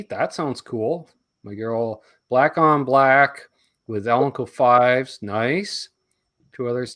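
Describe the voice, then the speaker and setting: A man's voice: medium pitch, a bit bright. Man, Canadian accent, casual stream host, joking, profane. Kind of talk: casual livestream chat.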